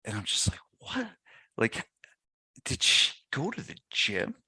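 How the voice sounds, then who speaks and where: A man's voice: fairly low pitch, takes it slowly, slightly rough, no echo, clean studio sound. A man guesting on a podcast, telling a casual story and acting out what people said. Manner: animated anecdote teller, acts out quotes. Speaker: podcast guest, gym business owner.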